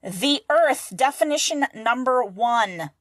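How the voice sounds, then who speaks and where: A woman's voice: a little high, lively intonation, slow, fairly bright tone, dry recording, studio quality. A woman co-hosting a casual comedy podcast who teases her partner, laughs often and gives mock-serious explanations. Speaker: podcast co-host.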